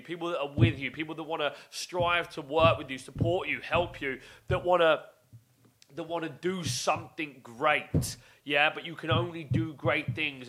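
A man hosting a podcast, delivering an intense motivational monologue full of swearing and repeated exhortations, swinging between loud outbursts and low, emphatic lines. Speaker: podcast host.

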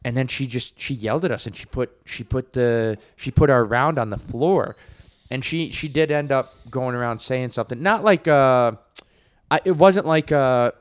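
Casting: man, mid-pitch, rambling barroom storyteller on a podcast, dry close mic. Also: normal speed, no room sound. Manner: rambling storyteller, many restarts. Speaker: podcast co-host. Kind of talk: casual chat.

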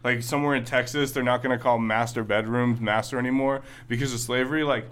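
A young man on a casual podcast talks in an animated, swear-laden way, stringing his thoughts together with "like". His voice is smooth and clear at a middle pitch. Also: fast. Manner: profane, animated, filler-heavy. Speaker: podcast co-host. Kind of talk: casual chat.

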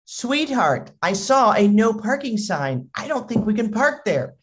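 A speaker voicing a polite wife who gently and hesitantly raises a concern. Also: mid-range voice, sing-song, measured pace, pitched above the performer's own voice. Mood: cautious.

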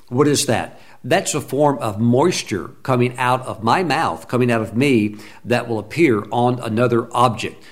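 A man preaching with fervent conviction, his voice at a middle pitch that climbs sharply when he acts out prayers of praise. He breaks into animated quoted voices of grumblers and worshippers, then settles back into steady exhortation. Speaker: pastor. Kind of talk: sermon.

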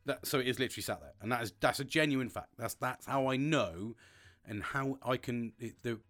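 A man's voice: mid-range voice, fairly quick, a bit bright. A man chatting casually and frankly as a podcast host, rambling with restarts and swearing often. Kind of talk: casual personal chat.

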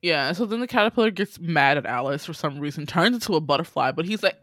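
A woman's voice: low voice, expressive, fast talker, fairly bright tone, no room sound. A woman in casual chat, animatedly retelling a film and acting out its characters' lines with laughter.

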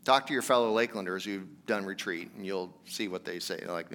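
A pastor with a deep, slightly bright voice preaches fairly quickly, starting conversational and earnest before building to emphatic exhortation. The recording carries a little hiss or hum and a long hall reverb.

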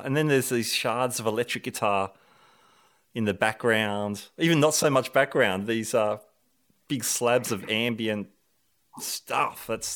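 A man interviewing a musician about his record, enthusiastic and quick with short replies. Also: mid-range voice, a bit bright. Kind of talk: conversational interview.

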